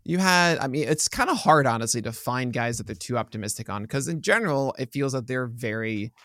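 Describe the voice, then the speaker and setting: A man's voice: mid-range voice, animated, dry recording. Joking podcast guy, dry close sound. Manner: joking, quick retorts, trails off quietly. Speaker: podcast co-host. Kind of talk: casual podcast chat.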